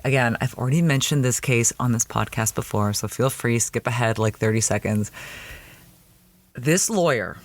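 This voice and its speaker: A man's voice: mid-range voice, a bit bright. A man hosting a podcast, recapping a TV episode in a chatty, wry way. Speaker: podcast host.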